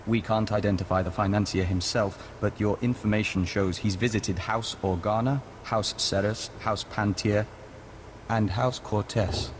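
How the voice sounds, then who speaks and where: An actor playing a calm, formal male diplomat bonded to an insect hive, who speaks of himself as "we", in video game dialogue. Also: on the low side, unhurried, natural voice. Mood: measured. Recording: game audio with background noise.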